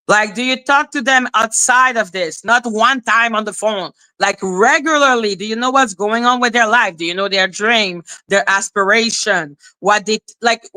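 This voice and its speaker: A woman's voice: on the high side, moderate pace, pushed and bright. A woman giving casual reaction commentary as a YouTuber, blunt and profane as she talks back at clips.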